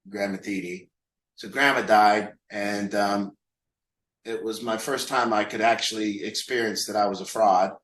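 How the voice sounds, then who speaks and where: A man's voice: lowish voice, a bit bright, echoey room, a little hiss or hum, low-quality recording. A man leading a recovery group, talking candidly and mocking himself, asking rhetorical questions. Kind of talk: group talk on a call.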